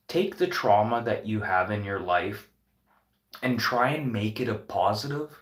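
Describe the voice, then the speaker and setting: An earnest man talks slowly and deliberately in a fairly low voice, urging viewers to help others. His delivery is impassioned and full of swearing. The room gives the recording a noticeable echo. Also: lively intonation, a bit bright. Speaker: restaurant owner. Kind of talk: unscripted motivational vlog talk.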